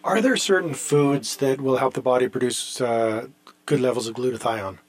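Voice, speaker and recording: A man hosts the interview and asks short, prompting questions. His voice is at a middle pitch and plainly conversational. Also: moderate pace. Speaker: interview host.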